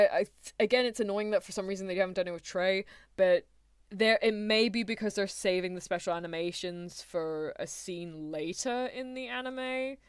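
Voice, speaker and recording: A woman's voice: fairly low pitch, clear, resonant tone, dry recording, studio quality. A woman streamer giving rambling, chatty reaction commentary, often laughing mid-sentence.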